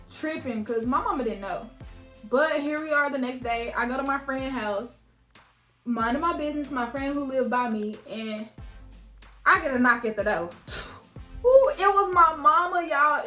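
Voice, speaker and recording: Animated young woman, echoey room, high voice. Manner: animated, swings into loud high-pitched quotes of herself and others; casual and frank, swears freely, chats to viewers as "y'all". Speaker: beauty vlogger. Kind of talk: storytime while doing makeup. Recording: echoey room with faint background music.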